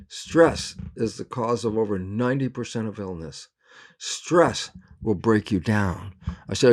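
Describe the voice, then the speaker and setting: A male scientist as an interview guest, explaining in lively storytelling and acting out both sides of remembered conversations, laughing often. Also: fairly low pitch, unhurried. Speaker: interview guest, cell biologist.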